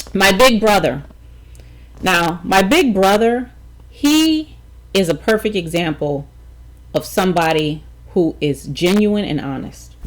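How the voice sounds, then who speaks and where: A middle-aged woman telling a personal story to camera with a lively, swooping voice. She talks emphatically, stops to check in with her viewers, restarts sentences, and leans hard into the key moments. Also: mid-range voice, rough recording. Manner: emphatic, animated storytelling with frequent restarts and "okay?" check-ins. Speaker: vlogger.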